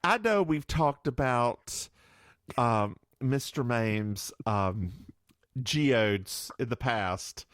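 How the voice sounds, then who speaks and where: A man's voice: mid-range voice, lively intonation, extremely slow, fairly bright tone, dry recording, studio quality. A man co-hosting a podcast in casual chat, playful and theatrical, with teasing asides. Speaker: podcast co-host.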